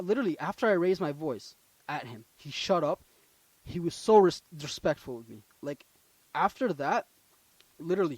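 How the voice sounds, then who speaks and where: A young man co-hosting a casual podcast, telling a story with lots of swearing, swinging between loud and quiet. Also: fairly high pitch, no room sound. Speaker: podcast co-host.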